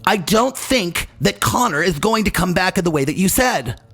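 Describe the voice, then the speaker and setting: A man voicing a nitpicking, smug male online commenter with a drawn-out, creaky, sing-song delivery. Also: high voice, lively intonation, a bit bright, soft background music, voice pushed up, heavily acted. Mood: lecturing.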